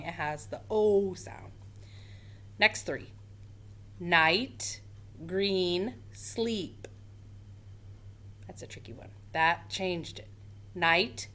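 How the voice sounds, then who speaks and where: Slow, careful woman teaching phonics. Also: on the low side, a bit bright. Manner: slow, clear, sounding out words for children. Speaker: first grade teacher. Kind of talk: phonics lesson for young children.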